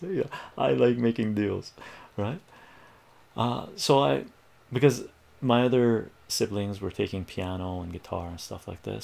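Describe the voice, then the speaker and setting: A man's voice: on the low side, creaky, a little mellow. A man on a livestream, telling a rambling personal story and chatting casually with viewers. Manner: rambling, acts out quoted voices, chats with viewers. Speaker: livestream math tutor.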